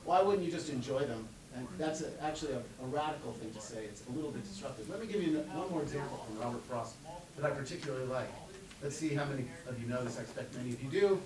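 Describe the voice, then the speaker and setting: A man's voice: medium pitch, fast talker, distant mic, crowd noise. Man lecturing in an echoey hall. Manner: animated, recites poems aloud. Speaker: conference speaker. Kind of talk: conference lecture. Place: conference hall.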